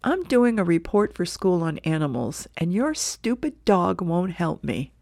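A woman's voice: fairly low pitch, big pitch swings, a little slow, gravelly, a little mellow, dry recording, studio quality, heavily acted. A woman voicing a bossy young girl who complains pushily, read from a newspaper comic strip. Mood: annoyed. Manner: pushy, complaining.

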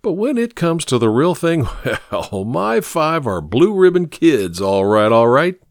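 A man's voice: on the high side, sing-song, unhurried, no room sound, clean studio sound, pitched above the performer's own voice. A man voicing a jovial clubman who brags about his five children, hearty and boastful. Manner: hearty, bragging.

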